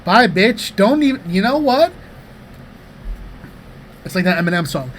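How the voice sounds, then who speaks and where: A man in his thirties with a slightly higher voice tells loose, profane stories on a comedy podcast. He talks in a casual, animated way with lots of restarts. A faint hiss sits under the recording. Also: a little slow. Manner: rambling, profane, animated anecdotes. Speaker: podcast co-host.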